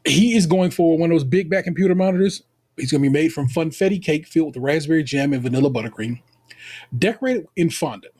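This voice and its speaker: On the high side and quick-paced, this is an American man co-hosting a podcast. He recaps a baking show casually and playfully, animated throughout and using Southern-leaning slang such as "y'all."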